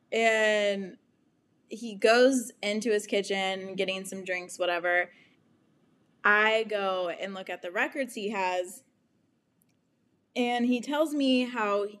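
A woman's voice: mid-range voice, a bit bright. A young woman hosting a podcast, telling a personal story frankly and with plenty of swearing, laughing often and acting out quoted lines. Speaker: podcast host. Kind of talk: candid storytelling monologue.

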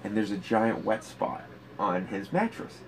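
A man's voice: on the low side, a little slow. A man telling crude stories in casual comedic chat as a podcast co-host, laughing as he talks. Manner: crude, animated, laughs through his stories.

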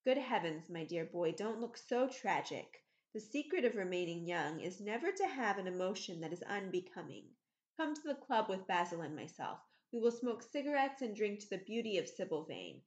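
A woman playing a languid aristocratic gentleman. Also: mid-range voice, very animated, moderate pace, natural voice. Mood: airy. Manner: airy, epigrammatic delivery. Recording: slightly muffled recording.

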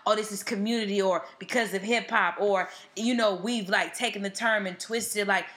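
This is a young woman with a mid-range voice, speaking at a moderate pace as a podcast co-host. Her storytelling is lively and loose, packed with slang and joking. The conversation is a casual chat.

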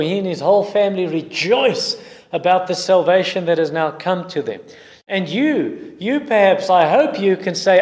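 Male preacher, slightly raised pitch, earnest sermon delivery, big echoing hall. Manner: earnest, questioning the listeners directly.

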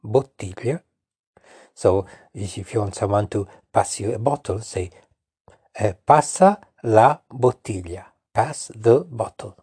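A man's voice: on the low side, darkish tone, husky, no room sound, studio quality. A father with an Italian accent, patiently giving his daughter a casual language lesson and repeating words for her. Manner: patient, repeats words slowly and coaxes the listener.

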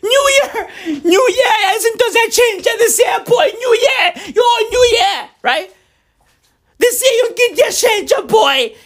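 A giddy young hype girl , put on by a woman mocking her, squeals and shouts in a shrill, very high voice. She laughs through her lines with bubbly, overblown excitement. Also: slow pace, heavily acted.

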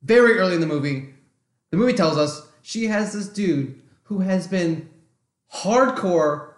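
A man's voice: high voice, animated, a little slow. A man adds sarcastic, crude remarks to a casual movie review chat with his co-host. His voice sits a little above the usual male range. The room gives his voice a noticeable echo. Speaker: podcast co-host.

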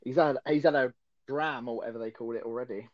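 A man's voice: mid-range voice, fairly even intonation, fast, a little mellow, no room sound, dull audio. A man co-hosting a casual podcast chat, rambling and self-deprecating. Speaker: podcast co-host.

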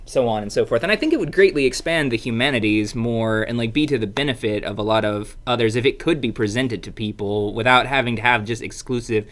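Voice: mid-range voice, quick pace, few pauses, a bit bright. Rambling speaker full of "like" and "right?". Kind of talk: casual conversation about writing.

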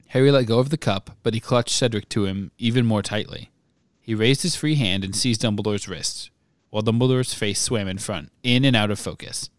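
A podcast host reading a book chapter aloud in measured, even narration. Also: male voice, on the low side, no echo, studio quality.

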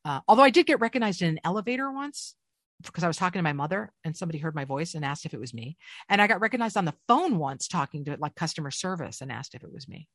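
A middle-aged woman, a voice actor, is the guest in a casual interview, her pitch swooping freely up and down as she talks fast. The recording is dry and close, with no room sound. She tells stories with animated, self-deprecating humor.

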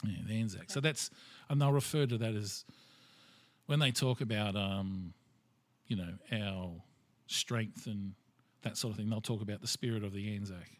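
Australian guy, low-pitched, rambling casual storyteller, dry close sound. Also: moderate pace, no echo. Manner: rambling, storytelling with filler words. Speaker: conversation partner. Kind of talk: casual chat.

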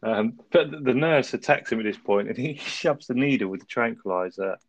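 A man, co-hosting a casual film review chat, recapping the plot in a relaxed way and laughing often. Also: mid-range voice, brisk, no room sound. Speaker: podcast co-host.

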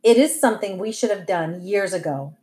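Woman reader doing a stern mother, firm, clipped, mid-pitched. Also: fairly quick, darkish tone, lightly acted. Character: stern determined suburban mother.

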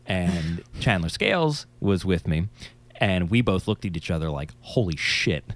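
A man's voice: low voice, normal speed. A man, a musician, chatting casually and telling stories with a slightly nasal voice, swearing freely. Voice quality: a little nasal. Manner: animated storyteller, swears freely. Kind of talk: casual podcast chat, storytelling.

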